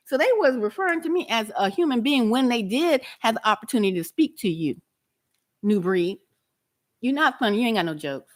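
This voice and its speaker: Mocking, lively woman vlogger. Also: on the high side, a little fast, no echo, clean studio sound. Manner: confrontational and mocking, talks straight at the person she answers; drawling, repeats words for emphasis. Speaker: YouTube commentator. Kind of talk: reaction video commentary.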